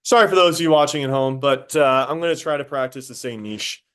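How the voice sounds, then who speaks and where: A man teaching a high school biology class, casual and talkative, stopping to quiz students directly. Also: brisk, fairly bright tone. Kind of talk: classroom lecture.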